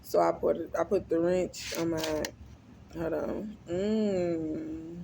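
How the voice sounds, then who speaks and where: Here a woman speaks low and slow in a steady tone with some vocal fry, over background noise. She's a mukbang vlogger making casual eating-vlog chat, talking to viewers between mouthfuls while humming and lip smacking.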